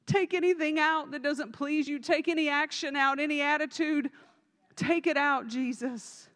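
A woman's voice: high-pitched, fairly even intonation, moderate pace, fairly bright tone, in a large hall. A woman evangelist preaching a sermon in a church, speaking emphatically and directly to the congregation. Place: church sanctuary.

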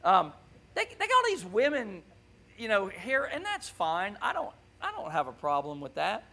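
A man preaching a conversational sermon in a church, animated and often checking in with his listeners. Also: sits high, normal speed, creaky. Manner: animated, keeps asking "right?".

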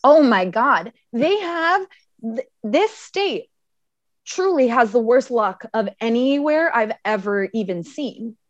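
A woman from Wisconsin chats on a podcast in a high, lively voice. Her delivery is animated and storytelling. The audio is dry and a little dull. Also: takes it slowly, dry recording. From Wisconsin, near the Minnesota border. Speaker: guest. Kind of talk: casual chat.

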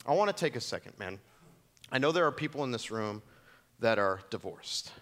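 A man's voice: on the low side, lively intonation, normal speed, fairly bright tone. A man in his thirties, a pastor preaching a sermon in a church, telling stories with acted quotes and laughing along. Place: church hall.

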